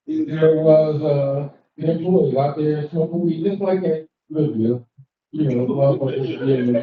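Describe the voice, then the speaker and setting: Profane older stand-up comedian, high voice. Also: male voice. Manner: brash and profane, acting out other people in the story. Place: cigar lounge, live show. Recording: echoey, dull room sound from a distance.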